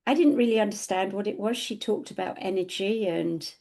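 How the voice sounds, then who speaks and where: A middle-aged woman co-hosts a podcast, recounting a personal story casually and with animation while performing the quoted lines. Her voice sits in the mid-range, moves a little fast, and has vocal fry.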